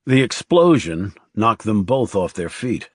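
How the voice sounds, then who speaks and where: A man reading a crime thriller audiobook aloud in a low, hushed storytelling delivery. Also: big pitch swings, unhurried, breathy edge, dry recording, clean studio sound. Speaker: audiobook narrator. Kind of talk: scripted narration.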